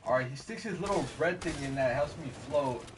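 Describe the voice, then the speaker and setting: A young man streaming a game and telling a rambling story in casual slang, laughing at himself and acting out quotes loudly. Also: a little high, lively intonation, fairly quick. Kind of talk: casual storytelling while gaming. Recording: distant mic with faint background noise.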